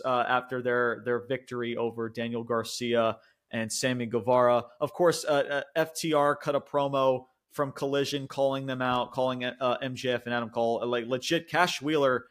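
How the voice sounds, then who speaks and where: This podcast co-host, a young man, speaks at a moderate pace with a mid-range voice. His casual, rambling recap of events is full of filler words and cursing, and he laughs often during the animated retelling.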